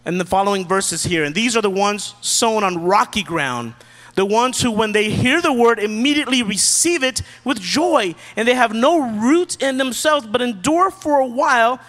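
A man preaching a sermon from the pulpit in a relaxed, joking, conversational way. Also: very high-pitched, moderate pace, in a large hall. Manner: casual, joking preacher who acts out quotes. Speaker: pastor.

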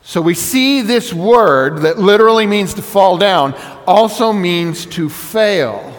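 A man's voice: high-pitched, animated, slow, long reverb tail. A man preaching a conversational teaching sermon, explaining things step by step and stressing points by repeating words. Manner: explanatory, conversational, emphatic repetition. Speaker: pastor.

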